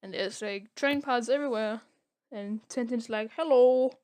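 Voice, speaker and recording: A woman's voice: on the high side, moderate pace, clear, resonant tone. A young woman recapping a comic on a casual podcast, rambling with lots of filler words. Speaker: podcast co-host.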